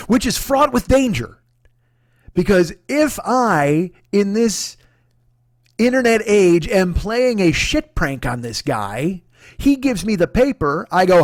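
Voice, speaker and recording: A man hosting his own comedy show, telling a long story in a profane, animated, self-deprecating way. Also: sits high, a little slow, no echo, studio quality. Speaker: comedian host. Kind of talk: comic storytelling monologue.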